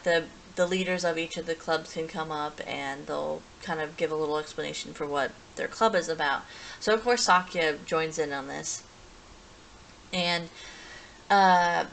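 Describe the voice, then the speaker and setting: A woman's voice: on the low side, fairly bright tone, a little hiss or hum, rough recording. A woman giving a casual, rambling plot recap as a reviewer, full of restarts and fillers.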